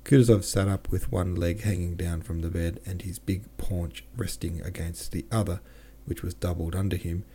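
A man reads a classic novel aloud for his podcast, in a deep, low voice with a mellow, soft tone. The delivery is plain and steady, broken now and then by casual self-corrections and offhand asides. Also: moderate pace, few pauses, slight background noise. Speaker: podcast host and audiobook reader.

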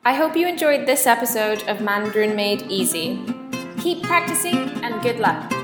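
A woman teaching a beginners' language lesson, hosting the show and drilling sounds with clear, exaggerated tones and pauses for repeating. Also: on the high side, lively intonation, roomy sound, faint music behind. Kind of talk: slow drilled pronunciation lesson.

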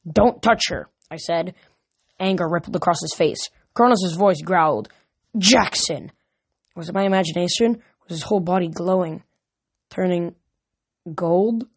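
Woman reading a novel aloud. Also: fairly low pitch. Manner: reads with small slips and restarts. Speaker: audiobook reader.

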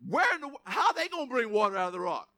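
A male pastor preaches with an animated, joking manner, reading scripture aloud. His voice sits very high and sounds bright and sharp. Now and then he bursts into a shout on quoted lines. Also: rapid-fire. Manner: animated, jokey asides, reads scripture aloud. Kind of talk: sermon.

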